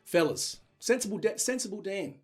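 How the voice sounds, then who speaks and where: An Australian man hosts a casual sports chat show with cheeky, teasing banter. His voice sits a little higher than most men's. He laughs easily between jokes. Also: lively intonation, moderate pace, a little mellow. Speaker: podcast host.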